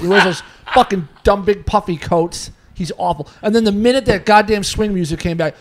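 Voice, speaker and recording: A man's voice: sits high, fairly quick, few pauses. A man co-hosting a casual podcast, ranting, swearing and laughing as he talks. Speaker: podcast co-host. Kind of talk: casual profane podcast banter. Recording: noisy podcast recording.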